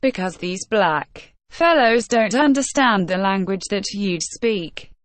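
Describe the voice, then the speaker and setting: An eager young servant who talks plainly and deferentially, as a woman reads him, slow and unhurried, close to the mic. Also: mid-range voice, lively intonation, no echo. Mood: earnest.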